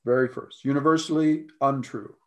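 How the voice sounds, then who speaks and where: An American man, a life coach, talking earnestly in a conversation, often clearing his throat and repeating his points. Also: mid-range voice, fairly even intonation, normal speed.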